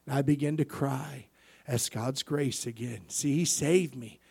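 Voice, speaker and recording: A male preacher giving a sermon and personal testimony, peppering it with amens as he moves from soft, tearful recollection to loud, emphatic preaching. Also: mid-range voice, measured pace, gravelly, slightly rough. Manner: punctuates with frequent "amen".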